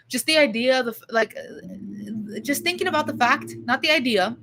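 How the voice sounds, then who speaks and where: A woman's voice: a little high, expressive, moderate pace, creaky, fairly bright tone, slight background noise. A young woman vlogger talking casually to her camera, rambling, swearing and mocking herself.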